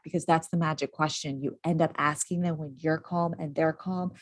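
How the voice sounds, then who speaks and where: A woman coach giving parenting advice in a casual interview, quick and animated, acting out what she would say. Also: deep voice. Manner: animated, quick, acts out quoted lines. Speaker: parenting and school behavior coach.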